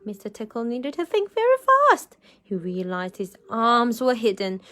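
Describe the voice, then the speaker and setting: A woman reading a picture book aloud to children as a storyteller, animated and often asking them questions. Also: a little high, normal speed.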